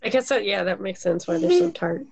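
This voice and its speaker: A woman's voice: mid-range voice, sing-song, brisk, gravelly, darkish tone. A woman co-hosting a podcast in casual chat, talking loosely and laughing often. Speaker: podcast co-host.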